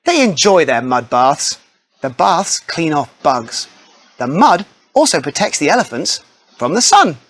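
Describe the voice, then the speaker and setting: Male narrator for a kids' read-along, friendly and animated, slightly high voice. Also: unhurried. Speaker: storybook narrator. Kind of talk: scripted children's story narration.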